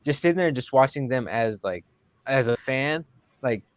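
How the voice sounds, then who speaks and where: A man's voice: medium pitch, lively intonation, moderate pace. A man talking as a guest fighter in a casual podcast chat, rambling with lots of fillers and self-corrections. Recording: dull lo-fi dry sound.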